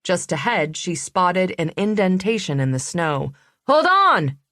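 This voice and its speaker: A woman narrating a suspense audiobook in a measured, even reading. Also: fairly low pitch, no room sound, studio quality. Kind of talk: scripted narration.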